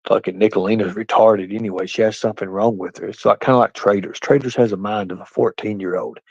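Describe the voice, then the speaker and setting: Brief: low, gravelly-voiced man streaming, picking fights with chat, dry lo-fi sound. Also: steady tone, fast talker, a little mellow, no echo. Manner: combative, confrontational, talks straight back to chat. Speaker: livestreamer answering chat. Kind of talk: casual live-stream rant. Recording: dull, lo-fi dry stream audio.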